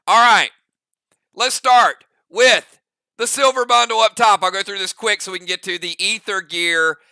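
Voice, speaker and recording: An excited man hosting a gaming channel. He speaks in a very bright, high, smooth voice, laughing often and stumbling over fillers. The recording is dry and close. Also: normal speed, no room sound. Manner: excited, laughs easily, many fillers and restarts. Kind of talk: casual chat.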